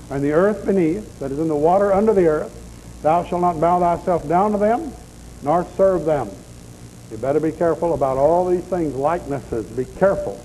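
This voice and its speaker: A man's voice: on the high side, dark tone, poor audio. A man preaching a deliverance sermon in a folksy, blunt storytelling manner, with faint noise in the background.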